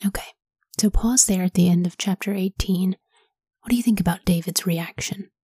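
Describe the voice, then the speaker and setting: A woman reads scripture in a breathy, mellow hush and stops often to pose gentle questions to her listeners. Her whispered Bible reading sits close and dry, with no room sound at all. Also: on the low side, normal speed, no echo. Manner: soft, whispery, asks reflective questions. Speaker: Bible podcast host.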